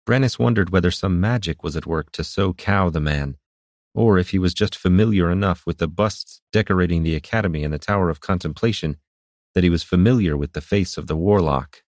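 A man reading fantasy narration in a steady, measured way. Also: sits low, no room sound, studio quality. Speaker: audiobook narrator.

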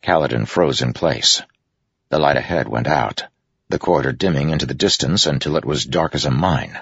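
Male audiobook narrator, extremely deep and gravelly, measured and grave. Dry, dull recording. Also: a bit bright, no echo. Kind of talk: scripted fantasy narration.

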